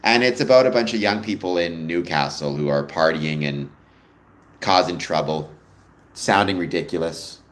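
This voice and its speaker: A low-pitched man hosts a live stream. He chats loosely with his viewers, answers their comments and wanders off into stories of his own. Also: normal speed. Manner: chatty, rambling, digresses into personal stories. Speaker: livestream host.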